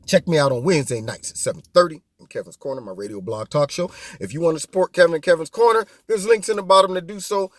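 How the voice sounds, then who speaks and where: Male commentary host, high and lively, mocking tone, dry close sound. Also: no echo. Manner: animated, mocking, rhetorical questions. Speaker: host of a political commentary show. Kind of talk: opinionated political commentary.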